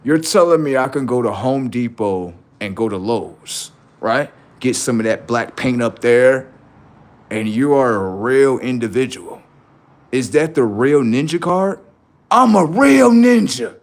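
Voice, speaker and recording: A man's voice: medium pitch, a little slow. A man hosting a livestream, improvising a mocking comedy roast full of rhetorical questions, speaking. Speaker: livestream host.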